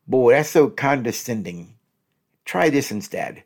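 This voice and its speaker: A husky-voiced man talks like a counselor giving practical advice. His pitch swings widely as he acts out examples and repeats each one. He keeps a middle pitch and a coaching tone. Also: a little slow, long pauses. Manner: animated, repeats each example phrase twice. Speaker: relationship counselor. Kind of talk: advice talk with spoken examples.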